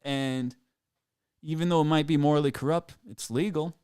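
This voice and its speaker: A man's voice: a little high, steady tone, normal speed, darkish tone, clear, resonant tone, no room sound, studio quality. A man in his thirties telling a rambling, crude story on a live stream, casual and self-amused. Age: 30s.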